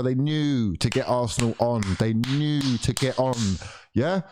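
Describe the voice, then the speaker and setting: A young man ranting and swearing as he streams a live football watchalong, exasperated at his team. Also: measured pace. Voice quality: lively swings of pitch and loudness.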